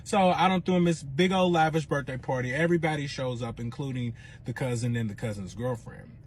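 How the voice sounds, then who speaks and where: A man telling a personal story in a dramatic, profane, animated way. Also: medium pitch, brisk, slight background noise. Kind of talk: storytime monologue.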